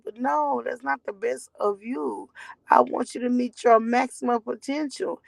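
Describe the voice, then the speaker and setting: A forties-aged mother with a high-pitched, gravelly voice tells her story directly to viewers, blunt and rambling, swearing freely. The recording is dry and rough.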